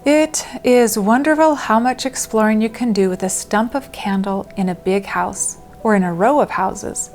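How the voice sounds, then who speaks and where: A woman reads a classic children's story aloud at a middling pitch, pausing to explain words for young listeners. Soft music plays faintly beneath her voice. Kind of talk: reading a children's book aloud.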